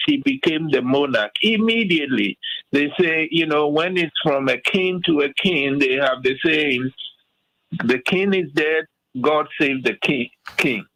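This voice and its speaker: Older man from Africa, radio guest, passionate and animated, dry close sound. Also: fairly high pitch, no room sound, poor audio. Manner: fired up, animated, many restarts and "okay?" asides. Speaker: guest commentator. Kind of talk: radio talk show discussion.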